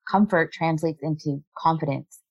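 A woman in a remote interview, a body language specialist, explaining her points in a lively way and laughing often. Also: deep voice, moderate pace, highs cut off. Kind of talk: conversational interview.

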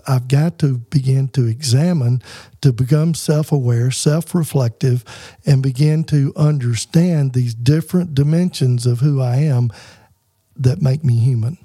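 A man's voice: medium pitch, measured pace, dark tone, husky, no room sound, clean studio sound. A middle-aged man co-hosting a faith-based podcast, talking earnestly in a teaching tone and often restarting his sentences. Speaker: podcast co-host.

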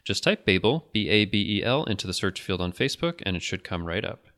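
A man hosting a podcast in a casual, good-natured way, laughing often. His voice sits a little low but sounds strikingly bright and forceful. He keeps the chat easy and friendly. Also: very animated, brisk. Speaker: podcast host.

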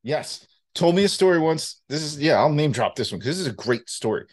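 A man's voice: a little high, fairly quick. A young man co-hosting a podcast, telling stories in casual chat and swearing now and then. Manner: animated storyteller, swearing casually. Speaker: podcast co-host.

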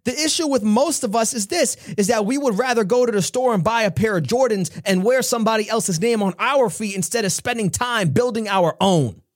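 A man from New York giving an earnest, preachy motivational talk with frequent laughs. His voice sits high, and the recording is dry and close. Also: brisk, few pauses, no echo. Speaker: podcast host, motivational speaker.

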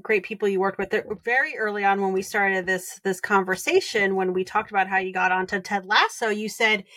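A woman co-hosting a podcast, asking her guest questions in a measured, deliberate way during a casual chat. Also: mid-range voice, steady tone, pushed and bright. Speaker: podcast co-host.

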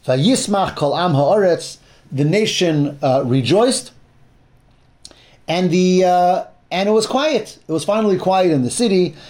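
A man's voice: high voice, animated, measured pace, darkish tone. A man teaching a Bible class, explaining verses step by step, often restarting his phrases and mixing in Hebrew terms.

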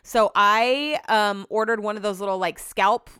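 A woman's voice: mid-range voice, unhurried, fairly bright tone, smooth, no room sound, studio quality. A young woman hosting a casual solo podcast, chatty and exasperated, swearing freely as she rants about her week. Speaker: podcast host.

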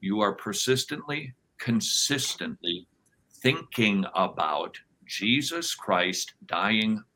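Forceful low-voiced man teaching with conviction. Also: slow pace, poor audio. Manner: emphatic, animated, acts out quoted voices. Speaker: podcast guest, author. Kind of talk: conversational interview, sermon-like teaching.

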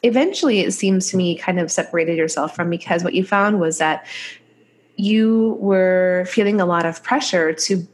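A woman's voice: lowish voice, normal speed. A woman chiropractor co-hosting a podcast, chatting easily and laughing, her voice stuffy from a cold. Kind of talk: conversational podcast chat.

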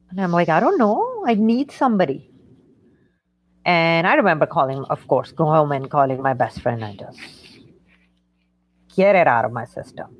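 A middle-aged woman speaks as a guest in an interview, recounting a painful stretch of her life. Her voice sits a little low, and she talks haltingly, circling back through fillers and restarts. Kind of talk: emotional personal story in conversation.

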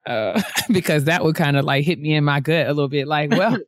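A woman co-hosting a casual book discussion podcast, talking haltingly with many restarts and frequent laughter. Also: low-pitched, no room sound, clean studio sound. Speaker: book club co-host.

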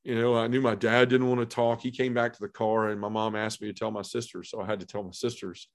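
Quick-paced and low, with little rise or fall in pitch, a middle-aged man gives heartfelt personal testimony as a podcast guest. His earnest telling is full of "you know" and "man."

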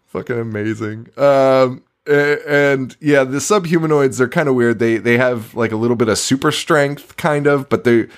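A man's voice: medium pitch, unhurried. Rambling, profane man recapping a film. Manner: rambling, profane, laughs often, stumbles over words. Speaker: podcast co-host. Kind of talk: casual movie recap chat.

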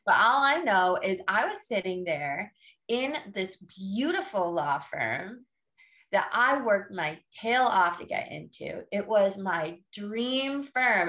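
A woman's voice: medium pitch, fairly bright tone. Sassy, emphatic woman coach. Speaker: podcast guest, fitness coach. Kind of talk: casual interview chat.

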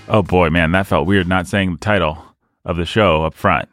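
Joking low-voiced male podcast host. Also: steady tone, normal speed, fairly bright tone, faint music behind. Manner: playful, joking, rambling. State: tired from lack of sleep. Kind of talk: casual book podcast chat.

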